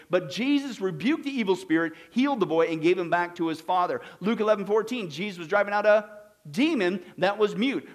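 Male pastor, high voice, brisk Bible study delivery that keeps quizzing the room. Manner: rapid scripture citations with rhetorical questions to the audience.

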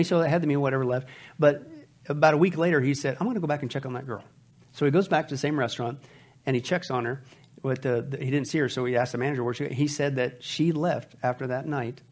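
A middle-aged male pastor preaching a sermon, telling stories with quoted dialogue and loud emphatic rises. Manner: animated, loud emphatic delivery with sharp rises in pitch; storytelling with quoted dialogue, dropping to soft asides.

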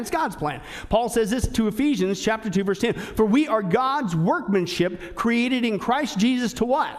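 High-voiced emphatic male preacher. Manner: emphatic, rhetorical questions, swings between loud and hushed. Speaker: pastor. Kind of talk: sermon.

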